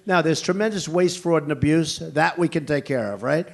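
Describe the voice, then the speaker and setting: An older man running for office gives a campaign rally speech and fields questions, speaking bluntly and repetitively, rambling with emphatic asides. His voice is fairly high with vocal fry, at a normal pace.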